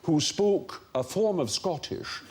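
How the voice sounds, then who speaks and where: A man's voice: fairly high pitch, lively intonation, slow pace, background noise. A man hosting a comedy panel show, telling erudite anecdotes with theatrical flair. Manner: erudite, theatrical raconteur who acts out quotes. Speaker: quiz show host.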